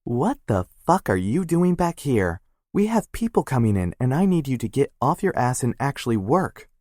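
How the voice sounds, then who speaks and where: A brash young woman, as a male narrator puts her on, swearing freely and jabbing with teasing remarks in a raised, pushed-up voice. She talks loud and blunt, her tone lifted well above a deep natural register, and the sound is close and dry. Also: expressive, slow pace, dry recording. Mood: angry. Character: brash, foul-mouthed young woman, tattoo shop worker.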